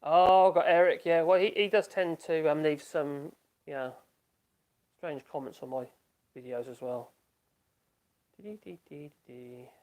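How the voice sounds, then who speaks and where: A man's voice: fairly high pitch, steady tone, a little slow, dull audio. A man hosting a casual live stream from his home workshop, chatting loosely and laughing often as he reads out and reacts to viewer comments.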